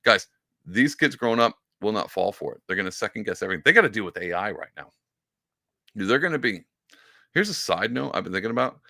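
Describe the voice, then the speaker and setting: Low-leaning and fast, with vocal fry, this podcast host's voice comes through clean studio audio with no room sound. He offers casual commentary on a clip, full of animation, fillers and mocking impressions.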